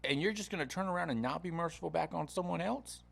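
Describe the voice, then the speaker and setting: A man's voice: on the high side, fast, gravelly, pitched above the performer's own voice. A man voicing a fed-up king who scolds a servant in casual slang. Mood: scolding.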